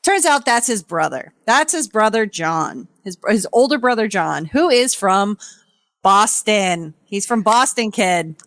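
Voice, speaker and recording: A woman co-host tells a reality-show recap in loose, profane, rambling chat. Her voice sits mid-range and sounds dry and close to the mic, with little room sound. She keeps breaking into quick impressions of the people she describes. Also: mid-range voice, expressive, a bit bright, dry recording. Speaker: podcast co-host.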